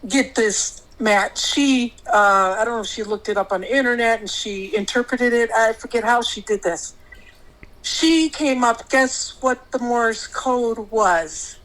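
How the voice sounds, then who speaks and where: A woman with a fairly high voice tells a guest's story of a strange experience, searching for words with lots of fillers. She stops short and trails off as she goes, slipping in small laughs. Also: measured pace, a bit bright, poor audio. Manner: laughs between remarks. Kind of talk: recounting a paranormal experience.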